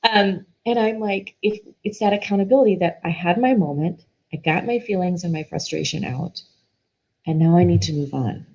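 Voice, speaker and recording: A woman's voice: on the low side, normal speed, a little mellow, slightly rough, low-quality recording. A middle-aged woman guest telling a personal story in an earnest, emotional way, often restarting her sentences.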